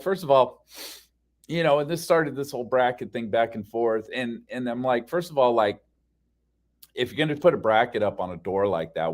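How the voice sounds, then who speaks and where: A man's voice: mid-range voice, lively intonation, normal speed, a little mellow. A man telling a story as a casual rant, heated and profane, with frequent fillers. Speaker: podcast ranter.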